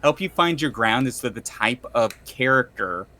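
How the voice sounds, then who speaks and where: Bright-voiced enthusiastic podcast man. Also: mid-range voice, animated, moderate pace. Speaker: podcast co-host, game master. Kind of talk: casual podcast chat.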